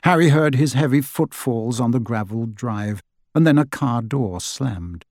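A man narrating an audiobook in an expressive storytelling manner, close to the mic. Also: medium pitch, a little slow, dry recording. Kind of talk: scripted narration.

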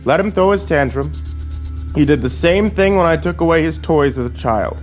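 A man's voice: on the high side, lively intonation, moderate pace, soft background music, pitched above the performer's own voice, natural voice. A man voicing a cruel, mocking middle-aged sheriff who drawls his threats in a horror story. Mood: menacing.

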